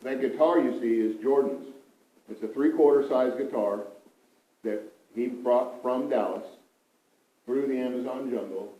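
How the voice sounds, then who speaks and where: A man recounting a mission trip story to a group, with animated, emphatic storytelling that often repeats itself. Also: mid-range voice, measured pace, muffled recording. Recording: roomy, from a distance.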